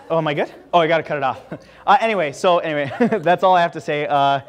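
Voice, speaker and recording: Speaking in a lecture room, a young Canadian guest speaker gives a campus talk with Q&A to a college audience. His voice is a little high for a man, his pace is quick, and his loose, chatty style is packed with "like" fillers and asides, with some chatter audible in the background.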